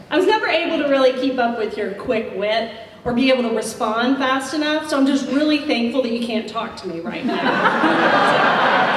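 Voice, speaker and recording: A woman's voice: high-pitched, a little hiss or hum. A woman giving a chatty, self-deprecating roast speech full of anecdotes and laughter. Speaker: roast speaker. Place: large event hall. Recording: echoey hall recorded from far off.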